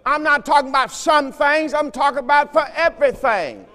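A man's voice: extremely high pitch, moderate pace, sharp tone, big-room sound, a little hiss or hum. A man preaching a fervent sermon as pastor, repeating phrases and urging his listeners on. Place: church sanctuary.

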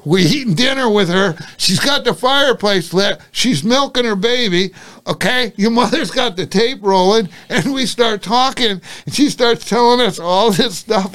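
A man's voice: high voice, fairly bright tone. An older man, a guest who was once a cop and private investigator, telling stories casually. He acts out the dialogue and swears casually. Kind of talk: casual storytelling.

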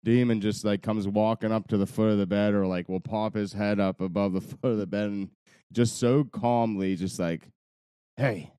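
A man's voice: on the low side, fairly even intonation, normal speed, warm tone, clean tone, no echo. A young man co-hosting a podcast, chatting casually, rambling with frequent laughs and swearing. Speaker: podcast co-host. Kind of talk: casual chat.

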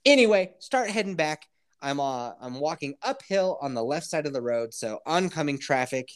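A man's voice: on the high side, normal speed, clean tone. A man telling a comic story on a podcast in casual, profane chat, acting out everyone's reactions as he goes. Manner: animated, profane, acts out others' reactions.

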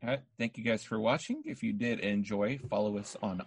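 A man's voice: on the low side, fairly quick, slightly rough, dry recording. A man co-hosting a podcast, chatting casually and bluntly, scornful as he reviews a movie over a remote call. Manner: blunt, ranting, scornful of the film. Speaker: podcast co-host.

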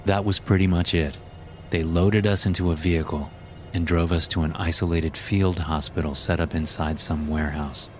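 A man narrating a scripted horror story in a measured, grim way. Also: low-pitched, steady tone. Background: background music.

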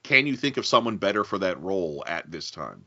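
A man's voice: deep voice, big pitch swings, fairly quick, sharp tone, muffled recording. A man chatting casually as a podcast co-host, analytical, often repeating words as he thinks. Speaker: podcast co-host, film reviewer. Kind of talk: casual chat.

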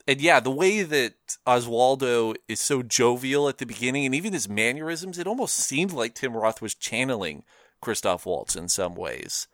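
Expressive and fairly bright in tone, a mid-range male voice speaks at moderate speed, recorded studio-quality without echo. He's a podcast co-host rambling about films in casual conversation, full of fillers and frequent laughter.

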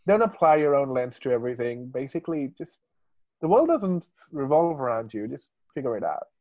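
A man's voice: medium pitch, big pitch swings, brisk, no room sound, highs cut off. A man in a casual film chat, laid-back, reading out facts he looked up.

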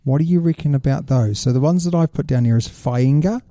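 Dark-voiced man on a podcast. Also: medium pitch, a little fast. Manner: explains at length, setting up questions. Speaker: podcast co-host. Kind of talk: casual chat.

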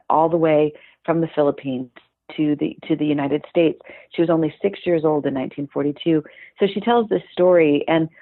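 A woman's voice: sits low, no room sound. A woman telling a story as a podcast guest, bringing the people in it to life with quoted voices. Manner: animated retelling with quoted voices. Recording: dry, phone-like narrow sound.

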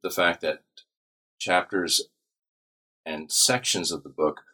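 A man's voice: deep voice, steady tone, takes it slowly, bright, forceful tone. A man, an author, answering questions in an academic interview, hesitant, with many fillers and restarts.

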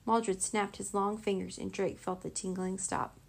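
A woman's voice: medium pitch, flat delivery, moderate pace, vocal fry. Woman reading a children's book aloud. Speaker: narrator.

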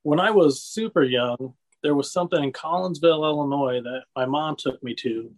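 Chatting casually, this man wanders through stories about wrestling, laughing frequently and tossing in "you know what I mean." His voice is on the high side at a normal speed, and the recording quality is low.

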